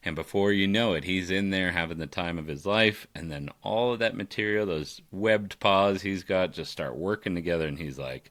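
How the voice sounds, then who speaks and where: A man, a dog trainer, talking casually on a podcast and telling animated stories with frequent laughs. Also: low voice, a little slow. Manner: animated storyteller, laughs often.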